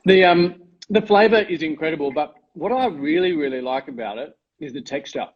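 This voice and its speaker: Aussie guy hosting a live stream, gushing about stuff, kinda high voice, muffled lo-fi audio. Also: fairly quick, slightly rough. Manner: gushing, enthusiastic. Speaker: host. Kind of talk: casual live-stream chat.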